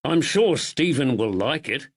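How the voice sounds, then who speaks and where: A man's voice: medium pitch, very animated, unhurried. A man voicing a plain-spoken, good-humoured constable who talks in a plain, friendly way.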